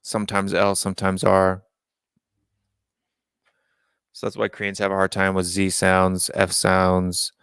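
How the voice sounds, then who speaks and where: A man's voice: deep voice, completely flat delivery, normal speed, a bit bright, clean tone, dry recording, studio quality. An American man hosting a casual live-stream call-in show, reading out viewer comments and musing on them aloud. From United States.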